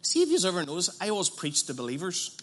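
A man preaching an evangelistic sermon, passionate and blunt, dropping to a hush and then rising loud, with colloquial asides. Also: high voice, wildly swooping pitch, fast talker, breathy edge. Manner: passionate, swings from hushed to loud.

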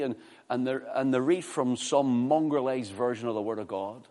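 A male preacher delivers a sermon in an animated way, stumbling and repeating words as he builds up and acting out the voices he quotes. His voice sits in a middle pitch. Long reverb from the hall trails behind every phrase. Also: normal speed.

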